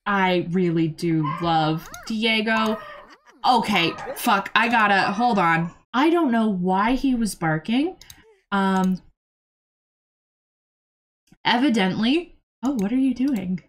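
A young woman streams a game in a loose, excitable running commentary, cursing freely as she talks to her chat and to the characters on screen. Her voice sits at an ordinary middle pitch. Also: takes it slowly, pauses often. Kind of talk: casual gameplay commentary.

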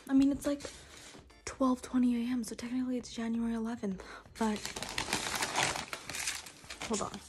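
A woman's voice: on the high side, fairly even intonation, moderate pace, pauses often, warm tone. A young woman, a student, chatting in a casual cooking vlog, mostly whispering in her home kitchen late at night. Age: young adult. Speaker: student vlogger.

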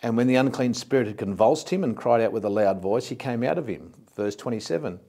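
A man's voice: medium pitch, lively intonation, fairly quick, mellow. A man from Australia, a pastor, preaching a sermon in a plain, explanatory way and often repeating words as he goes.

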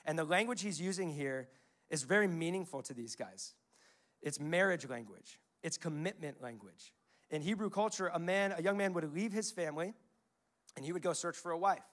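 Speaking at a moderate pace with an animated, fairly bright tone, this slightly high-voiced man preaches as a pastor. He's young, in his twenties or thirties, and he tells his stories conversationally while quoting scripture.

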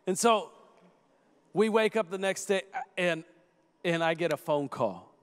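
A man in his thirties preaching a sermon, telling a family story in an animated way, acting out the voices and rising to shouts. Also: sits high, unhurried, long pauses, clear, resonant tone. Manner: animated storyteller who acts out quoted voices and rises to shouts. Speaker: guest preacher. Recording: long echoing hall reverb.

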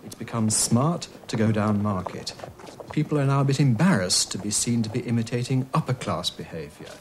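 A man, an expert on British accents, explaining speech changes in a measured way while demonstrating vowel sounds. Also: medium pitch, animated, a little hiss or hum. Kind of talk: explanatory interview talk.

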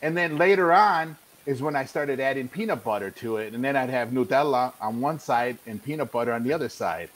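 A man on a casual panel chat, telling a story in an animated way. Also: medium pitch, brisk, few pauses, low-quality recording.

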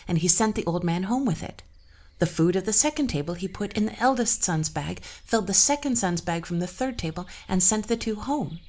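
A woman narrating an old folktale and adding her own commentary, in a measured, even way. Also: mid-range voice. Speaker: storyteller and podcast host.

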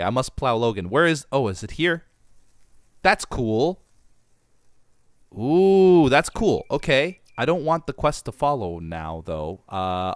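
A man with a mid-range voice hosts a gaming channel, playfully joking and talking to viewers as he plays. The recording is dry.

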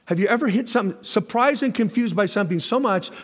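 High-voiced preaching man in a reverberant hall. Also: fast, slightly rough. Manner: animated preaching, jumps to shouts when voicing God; folksy asides to the congregation. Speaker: pastor. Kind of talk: sermon.

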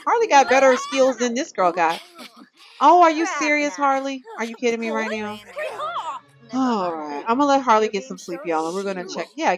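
A woman hosting a gaming video, giving chatty commentary and talking straight to her viewers. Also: on the high side. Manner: chatty, animated, addresses viewers as y'all. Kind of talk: casual let's-play commentary.

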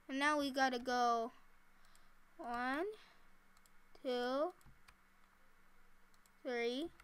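A woman's voice: high-pitched, a bit bright, clear, resonant tone. A woman casually talking to herself while she plays a building game, chatty and giggly. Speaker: gameplay commentator. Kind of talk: casual let's-play commentary.

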